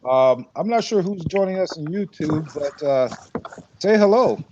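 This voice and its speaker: A man's voice: on the high side, measured pace. A man hosting from a fishing boat, talking easily and giving practical advice to his partner. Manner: relaxed, advising, chuckles often. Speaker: host angler. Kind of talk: casual chat while fishing. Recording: dull lo-fi sound with steady noise.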